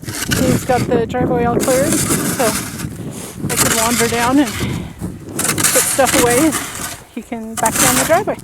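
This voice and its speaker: Woman vlogger, chatty and casual, fairly high voice, noisy camera audio. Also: steady tone, slow pace. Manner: chatty, lots of fillers and "so". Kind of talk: casual vlog narration. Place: snowy cabin, indoors and out.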